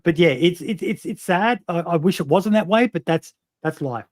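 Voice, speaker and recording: A man's voice: sits high, animated, normal speed, no echo, clean studio sound. Blunt swearing man. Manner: blunt, swears freely, many ums. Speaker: podcast host. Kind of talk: casual interview chat.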